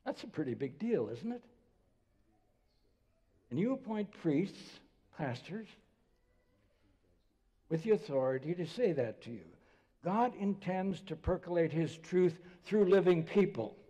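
Older man, pastor, mellow, storytelling sermon, reverberant church sound. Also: high voice, big pitch swings, measured pace, pauses often. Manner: conversational storytelling preacher, drops to soft voice for quotes. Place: church sanctuary.

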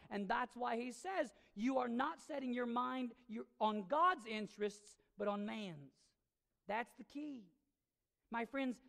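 A woman pastor delivers a sermon in an emphatic, conversational manner. Her voice swings widely in pitch and carries a gravelly edge. It rings out with the long reverb of a church hall. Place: church sanctuary.

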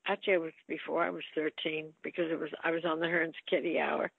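A woman's voice: deep voice, level tone, fast talker, gravelly, husky, no room sound. An older woman, an actress, telling playful anecdotes in an interview. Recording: phone-like line, dry.

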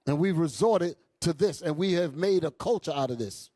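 A male bishop preaching a sermon with impassioned bursts and low asides, calling out to the congregation. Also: expressive, moderate pace, dark tone, no room sound. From New York. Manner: calls out to the congregation. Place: church hall.

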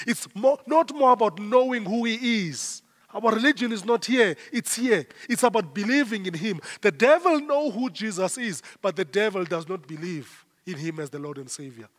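A South African man preaching a sermon as pastor, emphatic and repeating his phrases in rising waves. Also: sits high. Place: church. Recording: long church hall reverb.

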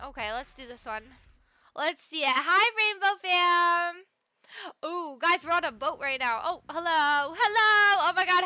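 Bubbly high-voiced young woman streamer. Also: pushed and bright, no room sound. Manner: bubbly, greets chat by name, gasps often. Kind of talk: live gaming stream chat.

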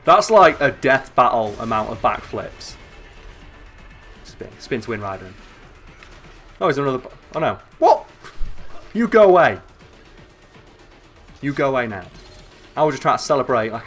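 A man gives excitable let's-play commentary, full of swearing and joking asides. His voice sits in a middle pitch. Faint game music plays underneath. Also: a little fast. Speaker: gaming channel host.

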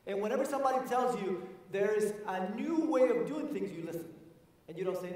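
Energetic male keynote speaker in an echoey hall. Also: high-pitched, brisk, recorded from a distance. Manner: energetic, storytelling, addresses the audience directly. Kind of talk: motivational conference talk. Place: large conference hall.

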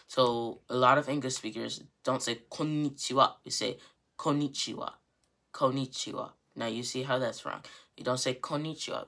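A woman teaching Japanese in a casual video lesson, rambling a bit, correcting herself and repeating words slowly to demonstrate. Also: rumbling low, fairly bright tone.

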